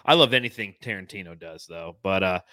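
A man's voice: low voice, pushed and bright, no room sound. A man co-hosting a casual sports podcast, joking and laughing as he talks. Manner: laughing, joking, quick asides. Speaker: podcast co-host. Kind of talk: casual chat.

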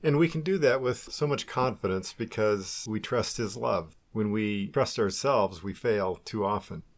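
A man co-hosting a faith talk program, reflecting calmly on the topic. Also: fairly low pitch, unhurried. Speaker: co-host of a Christian talk program.

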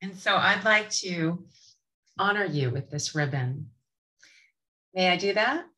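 A woman guest giving a heartfelt, slow and emphatic tribute to the host. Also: fairly low pitch, lively intonation, low-quality recording. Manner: warm, earnest, slow and emphatic. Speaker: author and guest.

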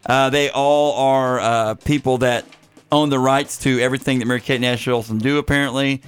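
A man's voice: medium pitch, steady tone, a little fast, clean tone, faint music behind. A man hosting a comedy podcast about bad movies, chatting casually and rambling through credits with jokes and many fillers. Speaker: podcast host. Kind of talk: casual chat.

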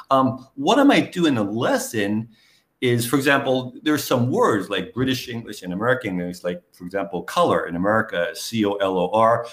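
A middle-aged man from New York, a guest and English teacher, talking casually in an interview with lots of fillers like "okay" and "you know". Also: medium pitch. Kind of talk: conversational interview.

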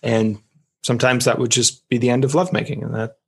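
Husky, creaky-voiced man, earnest. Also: mid-range voice, steady tone, fast. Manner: earnest, reflective. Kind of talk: casual conversation about intimacy.

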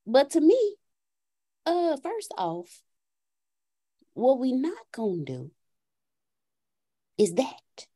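Podcast host, woman, high mellow voice, lively storyteller who plays out dialogue. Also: extremely slow, pauses often, husky. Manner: animated, acts out dialogue with her son. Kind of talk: casual storytelling.

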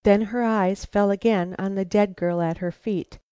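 Woman reading a novel aloud, mellow tone. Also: mid-range voice, steady tone, a little slow, clean tone, no room sound. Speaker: audiobook narrator. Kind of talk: scripted narration of a novel.

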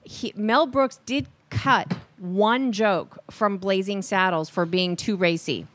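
A woman's voice: medium pitch, slow pace, fairly bright tone, no room sound. Woman, talk show co-host, chatty, reading out news bits, dry close sound. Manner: chatty, reads out news items. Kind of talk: casual talk show chat.

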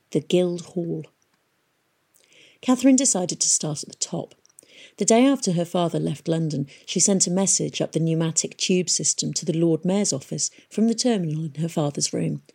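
A woman narrating an audiobook in a steady storytelling manner. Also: sits low, creaky, husky.

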